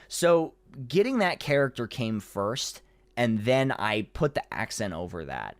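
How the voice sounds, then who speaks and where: A man with a very lively, up-and-down delivery, chatting as a podcast guest about his voice work. He rambles and restarts his sentences, and the sound is dry and close with no room echo. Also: mid-range voice, a little slow. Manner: animated, rambling storytelling with many restarts. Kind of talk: casual podcast conversation.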